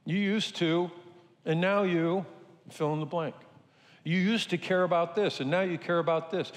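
A man's voice: a little high, a little slow. An older man preaching a sermon to a congregation in a conversational, joking way. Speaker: pastor. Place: church sanctuary. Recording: reverberant church hall.

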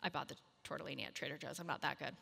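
A woman in her thirties telling a humorous, self-mocking story to a moms' group, animated and acting out the voices in her quotes. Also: deep voice, racing, creaky, slightly rough, in a large hall.

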